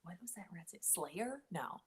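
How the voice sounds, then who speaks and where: A woman's voice: fairly low pitch, animated, normal speed, husky. A woman in her late thirties hosting a casual livestream chat from home, rambling and easily sidetracked. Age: late 30s. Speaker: podcast host.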